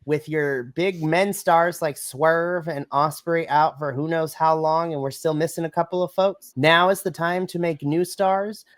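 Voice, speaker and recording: A woman with a low voice co-hosts a wrestling podcast, recorded with no echo. She reviews matches in gushing, animated casual chat that erupts into excited shouts.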